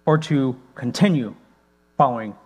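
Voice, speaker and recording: A man's voice: medium pitch, moderate pace, darkish tone, highs cut off. A male pastor giving a conversational teaching to preachers, thinking aloud with many rhetorical questions and fillers. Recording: long hall reverb with mains hum.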